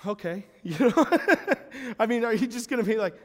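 Male pastor, sermon, high-pitched voice, lively storytelling, long hall reverb. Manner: animated storytelling, acts out biblical dialogue.

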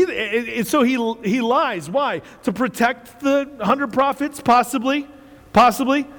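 A man preaching a sermon with animated storytelling, acting out quotes and laughing often as he goes. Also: very high-pitched. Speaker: pastor. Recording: reverberant hall.

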